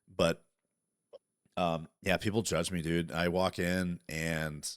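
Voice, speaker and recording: A man chatting casually as a podcast co-host, animated and profane, talking over interruptions. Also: sits low, takes it slowly, no room sound, studio quality. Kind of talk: casual chat.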